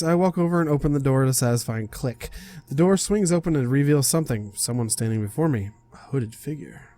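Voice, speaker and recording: With a brisk, mellow, medium-pitched voice and no echo, a young man streams a visual novel, reading it aloud casually. He stumbles, laughs, and self-corrects along the way.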